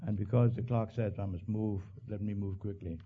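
A male pastor preaching a sermon, swinging from hushed low lines to loud high bursts. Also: steady tone, fairly quick, narrow, tinny audio, a little hiss or hum.

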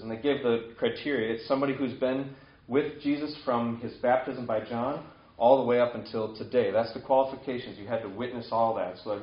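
Brisk and steady in tone, a mid-range male voice delivers a casual sermon in an echoey, dull lo-fi room. He retells scripture as if chatting, acting out the quoted lines with sudden lifts.

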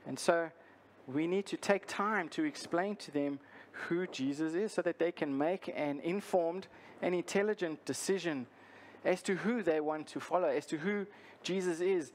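A male pastor preaching a sermon, earnest and deliberate, repeating his key lines for emphasis. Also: on the high side, slight background noise.

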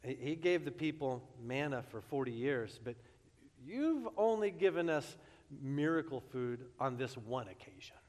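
A man's voice: mid-range voice, very animated, unhurried, darkish tone. A man voicing an indignant, skeptical crowd of men, mocking and dismissive, recorded with long reverb in a large hall.

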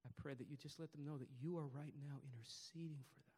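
A man preaching a sermon to his congregation, rising to loud emphatic peaks and dropping to quiet, hushed passages. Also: on the high side, steady tone, quick pace, slightly rough, long reverb tail. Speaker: pastor. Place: church service before a congregation.

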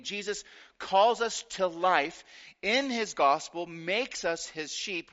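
Slow, bright-voiced male preacher. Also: on the high side, lo-fi sound. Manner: emphatic preaching with slow deliberate pauses and repetition. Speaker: pastor. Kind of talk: sermon.

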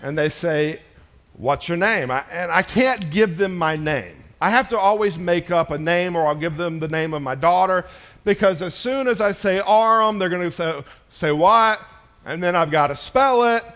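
Middle-aged male pastor, slightly high voice, chatty and playful from the pulpit. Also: expressive, normal speed, fairly bright tone. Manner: conversational and joking, addressing a congregation. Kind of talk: sermon.

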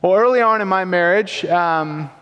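A man's voice: high-pitched, normal speed, clear, resonant tone, dull audio. A young man preaching a sermon as a pastor, casual and conversational with self-deprecating humor. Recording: long hall reverb.

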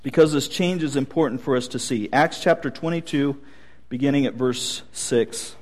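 A man's voice: mid-range voice, moderate pace. A male pastor preaching a sermon, telling stories with light humor.

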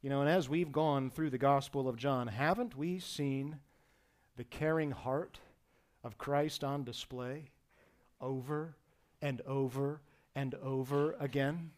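A male pastor preaching an expository sermon to his congregation, rising to loud emphasis and dropping to a hushed, tender tone. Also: medium pitch, takes it slowly.

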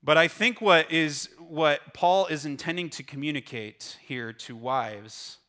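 A man's voice: a little high, unhurried, sharp tone. A middle-aged male pastor preaching a sermon, earnestly explaining a passage and often repeating his words as he goes.

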